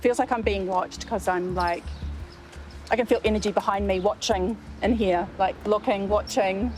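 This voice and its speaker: A woman's voice: mid-range voice, steady tone, normal speed, darkish tone, soft background music. A woman psychic, speaking in fragmented, repetitive phrases.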